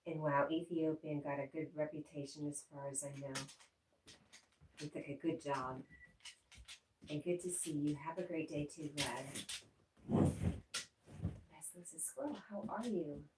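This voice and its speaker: Low, mellow woman streaming from an echoey room. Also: measured pace, pauses often, distant mic. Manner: coos baby talk to her pets, laughing often. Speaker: live streamer reading chat. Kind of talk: casual chat reading comments aloud. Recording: echoey room, voice a bit off-mic, faint noise.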